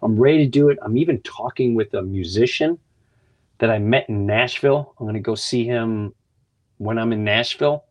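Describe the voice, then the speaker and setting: A man's voice: mid-range voice, normal speed. A man hosting a podcast, telling earnest, heartfelt stories in a casual monologue. He often restarts and repeats words, and sometimes drops to a near whisper. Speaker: podcast host.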